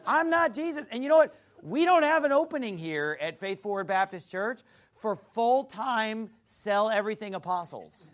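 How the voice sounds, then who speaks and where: Male pastor, sermon, high voice, swooping pitch, blunt, mocking. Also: moderate pace. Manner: blunt, mocking, animated preaching. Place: church.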